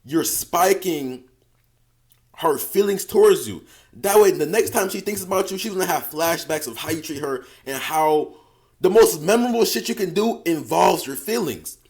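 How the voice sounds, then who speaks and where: A man's voice: a little high, expressive, normal speed, darkish tone. A man giving dating advice as a coach in a casual, slangy, profane monologue, often repeating phrases and calling the listener bro. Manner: slangy, profane, emphatic street talk.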